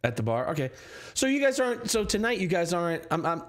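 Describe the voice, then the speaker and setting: Man gm running a tabletop game, kinda high voice, swings all over, loose and rambly. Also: sing-song, quick pace. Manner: loose, apologetic, thinking aloud. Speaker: game master.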